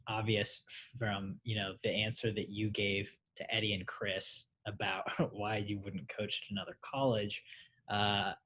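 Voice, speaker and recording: A man's voice: fairly low pitch, flat delivery, unhurried, pushed and bright, a little hiss or hum. A man hosting a podcast interview who mostly laughs along and gives brief replies. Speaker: podcast host.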